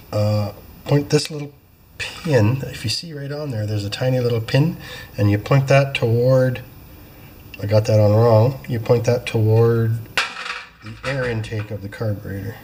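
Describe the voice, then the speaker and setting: A man's voice: mid-range voice, a little mellow, a little hiss or hum. Chatty man talking through a repair. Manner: chatty, explains each step as he works; self-deprecating, apologetic asides. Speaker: small-engine repair shop owner. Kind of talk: casual hands-on repair walkthrough. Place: repair workshop.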